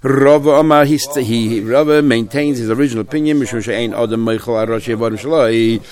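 A man teaching a Talmud class, explaining the text in a lively sing-song and acting out both sides of each case. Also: mid-range voice, brisk.

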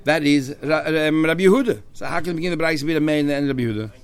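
A middle-aged man teaching a Talmud class, animated, firing rhetorical questions and mixing in Hebrew and Aramaic terms. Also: on the high side, rapid-fire, clear, resonant tone.

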